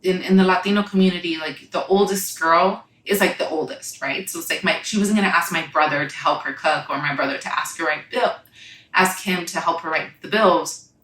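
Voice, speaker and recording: A woman's voice: fairly low pitch, fairly bright tone, slight background noise. Reflective young woman, echoey room. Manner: halting and reflective, frequent "like" and "you know". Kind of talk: personal storytelling.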